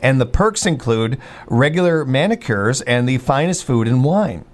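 A man's voice: mid-range voice, lively intonation, normal speed. Rambling self-mocking man. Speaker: show host. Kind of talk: casual banter show.

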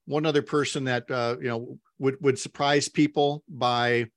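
A male host interviewing guests, asking halting questions with many restarts. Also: mid-range voice, steady tone, no room sound, clean studio sound. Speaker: radio host. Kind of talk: conversational interview.

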